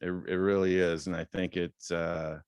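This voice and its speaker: A man in his fifties giving a casual talk as a guest speaker, relaxed and rambling with many fillers, lifting his voice when quoting others. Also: sits low, moderate pace, clean tone, dry recording. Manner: acts out quoted dialogue in a raised voice. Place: club meeting room.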